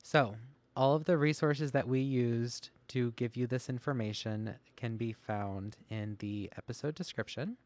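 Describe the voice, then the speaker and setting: A man's voice: mid-range voice, unhurried, darkish tone, no echo. Podcast co-host, male, casual and self-mocking, dry close sound. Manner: self-deprecating, laughs often. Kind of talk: casual podcast chat, reading notes aloud. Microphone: masked while recording.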